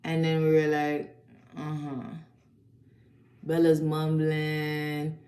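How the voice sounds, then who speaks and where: A woman's voice: low-pitched, measured pace. A woman giving a casual, chatty film review full of slang and swearing. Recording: echoey room.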